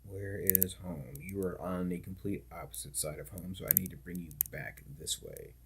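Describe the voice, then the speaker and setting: Low-voiced and darkish in tone, this male streamer chats loosely as he games, peppering everything with "like" and "dude." His intonation stays fairly even at a normal speed, and slight background noise can be heard.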